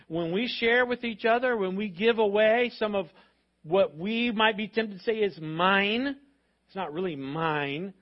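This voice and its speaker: A man with a high-pitched voice preaches to a congregation in an animated, expressive way and slips into voices of parents and of God. The recording sounds dull and lo-fi, as if captured from the stage of a church auditorium. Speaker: pastor. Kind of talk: sermon.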